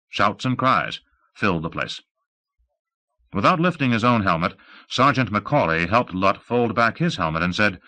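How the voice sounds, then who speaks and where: Man, audiobook narrator, animated delivery, bright timbre, character voices, old cassette tape. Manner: changes pitch for characters. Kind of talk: reading a novel aloud.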